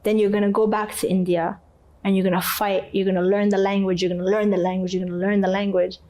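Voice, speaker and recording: A woman from North Africa, an interview guest, telling her story in a candid, emotional and animated way. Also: mid-range voice, quick pace.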